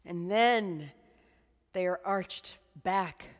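A woman preaching a sermon as a slow, dramatic guided meditation, dropping to a hush at times. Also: fairly low pitch, in a large hall. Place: church.

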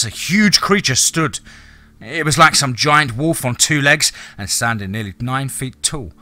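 Bright, measured male audiobook narrator. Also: medium pitch. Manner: measured, dramatic.

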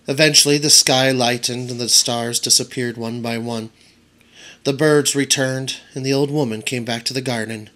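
A man's voice: mid-range voice, sharp tone. A man, a teacher, narrating a children's audiobook aloud for his students.

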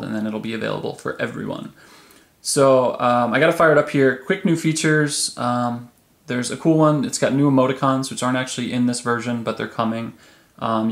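A man hosting a casual tech video, demonstrating a phone app in a relaxed, chatty way with frequent ums. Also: medium pitch, gravelly. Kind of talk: casual product demo. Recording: echoey room.

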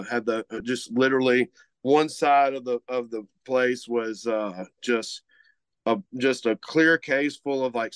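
A man's voice: medium pitch, clear, resonant tone, no echo. Rambling man, dry close sound. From Mississippi. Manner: rambling, filler-heavy, easygoing. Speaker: guest co-host, butcher shop representative. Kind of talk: casual podcast chat.

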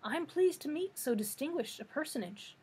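A woman's voice: high-pitched, animated, moderate pace, a little mellow, pitched above the performer's own voice. Woman doing a wry little old wizard.

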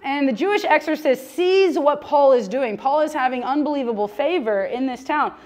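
A woman's voice: high voice, expressive, normal speed, darkish tone. Joking woman teaching the Bible. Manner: joking, chatty, laughs often. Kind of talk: humorous Bible lesson.

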